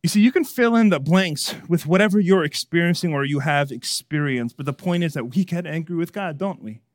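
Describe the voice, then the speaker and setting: Animated preaching man, dry sound. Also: a little high, no echo. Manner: animated preaching, swinging from hushed to emphatic. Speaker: pastor. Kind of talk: sermon.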